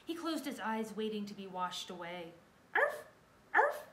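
A woman's voice: mid-range voice, normal speed. Woman reading a children's book aloud. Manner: expressive, dramatic storytelling. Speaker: reader. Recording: roomy echo, faint background noise.

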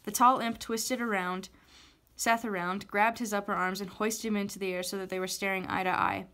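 A woman's voice: mid-range voice, steady tone, normal speed, pushed and bright. Woman teacher reading a chapter aloud.

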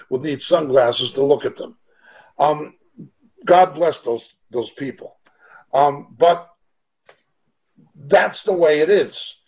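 A man's voice: on the high side, gravelly, a little mellow. A middle-aged man teaching the Bible over a video call, earnest and emphatic, asking rhetorical questions as he preaches.

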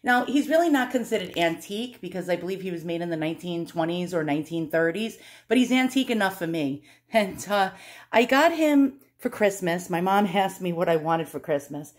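A chatty woman in her forties talks casually while showing off an old toy from her collection. Her voice sits a little low, and she laughs often and pokes fun at herself as she goes. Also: expressive, a little fast. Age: 40s. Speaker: collector vlogger. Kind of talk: casual show-and-tell vlog.

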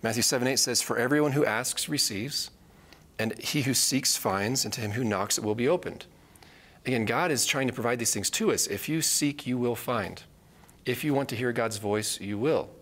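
A man's voice: medium pitch, normal speed, a bit bright. A man teaching a live Bible study, earnest and repeating key phrases for emphasis.

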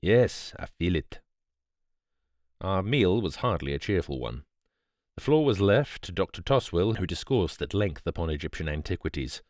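Deep-voiced man reading a bedtime audiobook. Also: big pitch swings, normal speed, dry recording, clean studio sound. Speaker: audiobook narrator. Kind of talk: scripted bedtime audiobook narration.

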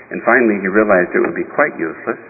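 A deep-voiced man preaches a sermon as a bishop, telling a story slowly with pauses and small restarts. His voice carries a long church reverb. The sound is thin and phone-like, with a faint hiss behind it. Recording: reverberant church heard over a tinny, lo-fi line with faint hiss.

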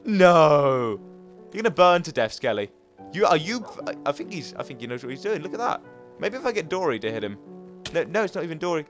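Chatty guy doing game commentary, fairly high voice, excitable, talks to his dogs. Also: a little fast, faint music behind. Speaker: let's play host.

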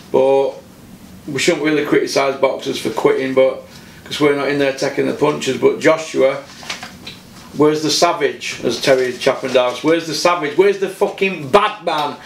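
South yorkshire bloke hosting a boxing rant, sweary and blunt, higher voice, roomy echo. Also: male voice, a little hiss or hum. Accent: South Yorkshire English. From Doncaster, South Yorkshire, England. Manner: blunt, heavy swearing, repeats himself for emphasis. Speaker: boxing channel host. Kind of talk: solo boxing opinion rant.

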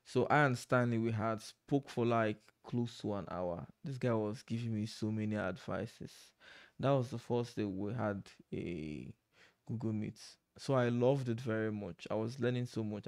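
A man's voice: lowish voice, normal speed. A man chatting casually to camera from home at night, rambling and breaking off to laugh at himself. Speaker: vlogger. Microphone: desk microphone.

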